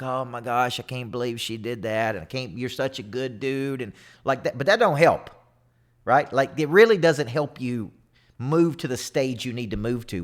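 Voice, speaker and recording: Man, 40s, motivational coach; energetic, emphatic delivery with repetitions, mid-range voice. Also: mid-range voice. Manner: energetic, emphatic, repeats himself. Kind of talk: motivational talk to camera.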